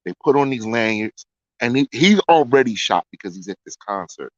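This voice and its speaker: Animated male storyteller. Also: medium pitch, normal speed, no room sound. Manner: repeats lines for effect, animated. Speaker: storyteller host. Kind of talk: casual storytelling. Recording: dry, dull lo-fi sound.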